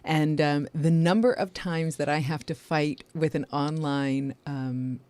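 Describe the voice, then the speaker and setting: A woman's voice: deep voice, fairly even intonation, measured pace, darkish tone, dry recording. A woman co-hosting a casual livestream chat, chatty, giving updates and laughing often. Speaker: co-host.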